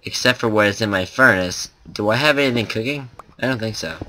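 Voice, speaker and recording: A man's voice: fairly low pitch, a little fast, sharp tone, slight background noise. A man giving casual gameplay commentary as a let's play host, rambling and thinking aloud with lots of fillers.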